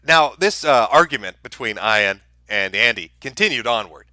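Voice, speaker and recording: Bright-voiced heated male streamer. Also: mid-range voice, expressive, unhurried, no room sound. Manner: heated, profane, sarcastic rant. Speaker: streamer host. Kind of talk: live-stream commentary.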